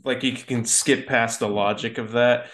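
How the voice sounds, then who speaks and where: A man's voice: medium pitch, fairly even intonation, moderate pace, fairly bright tone. A man co-hosting a film podcast in casual chat, easygoing and rambling as he works through his thoughts. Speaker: podcast co-host.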